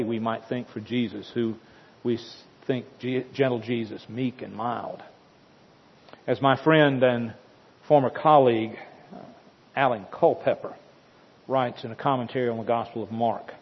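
Husky preacher man in an echoing hall. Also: mid-range voice, measured pace. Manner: dramatic storytelling with emphatic repetition. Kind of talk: sermon. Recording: dull sound with long hall reverb.

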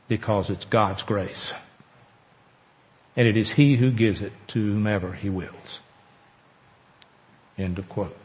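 A man preaching a sermon as pastor, earnest, with slow emphatic pauses. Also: on the low side. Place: church sanctuary. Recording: echoey church hall, dull lo-fi sound.

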